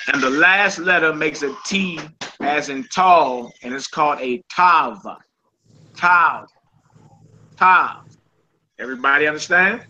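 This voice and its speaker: Over a noisy background, a man with a fairly high voice teaches a Hebrew class informally and conversationally. He keeps checking in with his students and repeats "you know what I'm saying."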